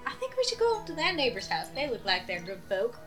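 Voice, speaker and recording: A woman at a tabletop game with a high, very bright, sharp voice. She throws out dry, quippy remarks. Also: wildly swooping pitch, quick pace, faint music behind.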